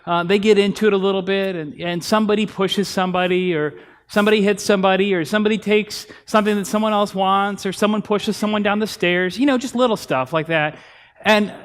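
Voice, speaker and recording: A man's voice: high-pitched, fairly quick. A pastor in his thirties giving a conversational sermon in a church, telling family stories and acting out bits of dialogue. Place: church sanctuary.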